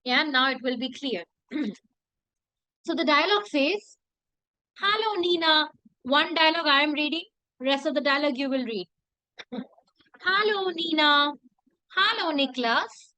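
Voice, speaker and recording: A woman teaching a language class, repeating phrases slowly and asking the class rhetorical questions. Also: high-pitched, bright, forceful tone, no echo, rough recording. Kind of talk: classroom lesson.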